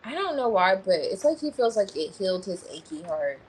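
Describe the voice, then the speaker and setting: A woman's voice: medium pitch, very animated, a little fast, a little hiss or hum, rough recording. Woman musing aloud over tarot cards. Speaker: tarot reader. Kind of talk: livestream tarot reading.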